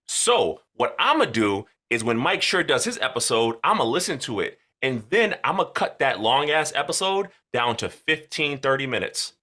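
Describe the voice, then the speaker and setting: A man's voice: medium pitch, bright, forceful tone. A man co-hosting a podcast in casual chat, loose, slangy and joking. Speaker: podcast co-host.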